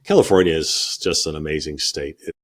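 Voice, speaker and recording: A man's voice: rumbling low, a little fast. A man hosting a podcast, chatting casually and agreeably with his guest, often repeating his own phrases. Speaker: podcast host. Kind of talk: casual interview chat.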